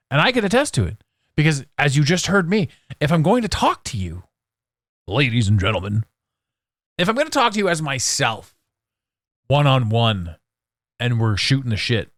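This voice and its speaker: Male podcast host, loose rambling talk, salty language, lively swooping pitch, dry close mic. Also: normal speed, pauses often, dry recording. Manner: candid, profane, meandering with restarts. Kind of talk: casual rambling monologue.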